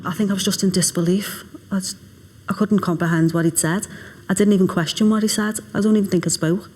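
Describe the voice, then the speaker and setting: A woman, a grieving mother, recalling events quietly in a documentary interview. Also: medium pitch, steady tone, quick pace, slight background noise. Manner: quiet, hushed recollection, drops to a whisper at times. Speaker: mother of the victim.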